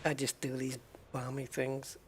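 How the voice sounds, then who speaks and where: A man's voice: mid-range voice, monotone, measured pace, a little hiss or hum. A middle-aged man streaming a game, chatting casually with viewers, rambling and chuckling as he goes. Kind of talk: casual live-stream chat while playing.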